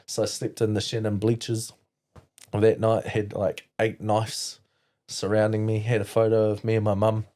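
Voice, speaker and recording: A man's voice: fairly low pitch, completely flat delivery, moderate pace, warm tone. A New man telling his life story as a podcast guest, candid and rambling, with lots of fillers and swearing. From New Zealand. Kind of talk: casual storytelling.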